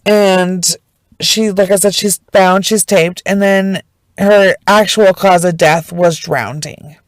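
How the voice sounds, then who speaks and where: A woman recounts a true crime case in a casual storytime, emotional and emphatic and quick to swear. she talks slowly and lets the words land. the recording is dry, with no room sound. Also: medium pitch, fairly even intonation, no echo, low-quality recording.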